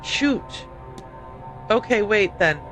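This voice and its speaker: A woman's voice: medium pitch, expressive, extremely slow, fairly bright tone, soft background music. A woman hosting a livestream, chatting casually and rambling as she plays a game, often stopping to correct herself. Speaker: livestream host playing a game. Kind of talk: casual gameplay commentary.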